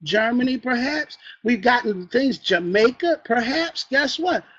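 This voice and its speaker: Husky man giving a preachy training talk. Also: extremely high pitch, expressive, unhurried, a bit bright. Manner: preachy, calls for "amen" and asks the listeners questions. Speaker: team trainer. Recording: dull lo-fi recording.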